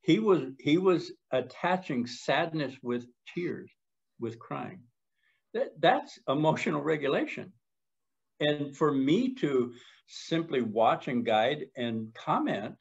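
An older man co-hosting a talk show, telling a story in a calm, halting way with many restarts. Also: a little high, creaky, husky. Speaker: podcast co-host. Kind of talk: conversational storytelling. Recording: dull lo-fi sound.

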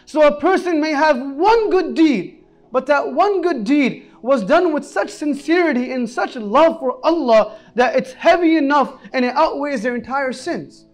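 With lively intonation and a measured pace, a man preaches an Islamic sermon, earnestly narrating stories. His delivery swings from quiet, low stretches to loud, forceful moments.

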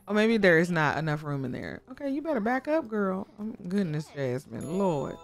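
A young woman giving casual gameplay commentary, gushing, excitable and talking to her game characters, often breaking into high squeals. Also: normal speed, few pauses. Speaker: gaming YouTuber. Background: faint background music.

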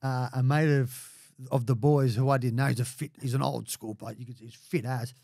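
A man's voice: mid-range voice, steady tone, a little fast, creaky, mellow, no room sound, clean studio sound. An Australian man in his forties, a podcast guest, telling stories in a rambling, profane way, full of "mate" and restarts. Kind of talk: casual storytelling.

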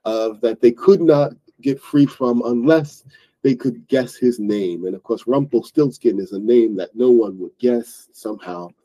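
A man's voice: fairly low pitch, dark tone, rough recording. A man hosting an online English book club, explaining a story in a loose, rambling way with many fillers and restarts. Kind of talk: casual explaining lesson.

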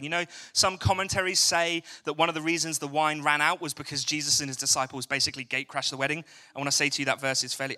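A man's voice: a little high, sharp tone. A young English man preaching a chatty evening church sermon, joking and asking the congregation questions. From England. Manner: chatty, jokey, asks the crowd questions. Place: church hall.

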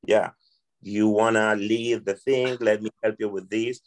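A man's voice: fairly low pitch, steady tone, unhurried. A man from Colombia with a Colombian Spanish accent, a restaurant server answering interview questions earnestly and acting out exchanges with guests.

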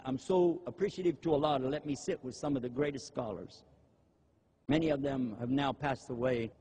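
An older man giving a religious lecture, animated and humorous, often mimicking eager people in a raised voice. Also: mid-range voice, slight background noise. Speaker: Muslim preacher. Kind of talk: lecture with acted-out asides.

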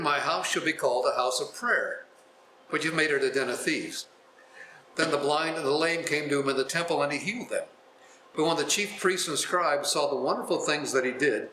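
A man's voice: on the high side, pushed and bright, a little hiss or hum. A male pastor teaching a Bible class, reading scripture aloud and then explaining it in a folksy, chuckling way. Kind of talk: scripture reading with casual commentary. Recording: echoey room.

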